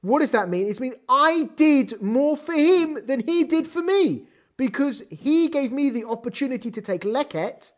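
An animated Torah teacher works through a text, firing off rhetorical questions. The pitch swings widely up and down. Hebrew terms are read out along the way. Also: moderate pace. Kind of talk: text study lesson.

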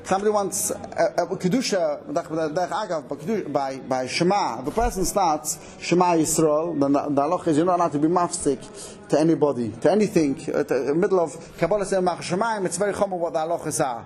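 A man giving a Torah lesson on prayer law, explaining quickly and animatedly, with many Hebrew and Yiddish terms mixed into his English. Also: a little high, darkish tone. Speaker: Torah teacher. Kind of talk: halacha class.

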